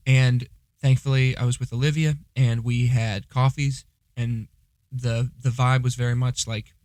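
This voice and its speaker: A man's voice: mid-range voice, flat delivery, measured pace, darkish tone, dry recording. A young man co-hosting a podcast, chatting casually in a joking, self-deprecating way. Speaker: podcast co-host. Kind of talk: casual chat.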